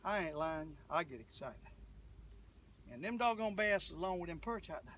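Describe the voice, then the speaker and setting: A folksy man talks excitedly to the camera from his boat, his voice high and bright. He is caught a little way off the camera mic, with faint wind and engine noise outdoors around him. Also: moderate pace, distant mic. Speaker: fishing vlogger. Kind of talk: casual running commentary while fishing.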